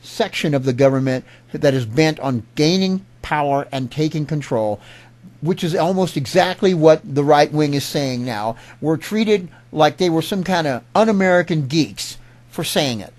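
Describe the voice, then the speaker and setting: A man's voice: a little high, lively intonation, moderate pace, darkish tone. A middle-aged man delivering an angry political rant, indignant and emphatic, often restarting his words. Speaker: political commentator.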